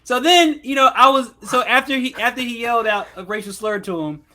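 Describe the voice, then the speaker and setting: A man's voice: very high-pitched, fairly quick, pushed and bright. A man co-hosting a podcast, telling stories in casual banter and breaking into laughs. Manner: loose, joking storyteller who breaks into laughter. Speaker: podcast co-host.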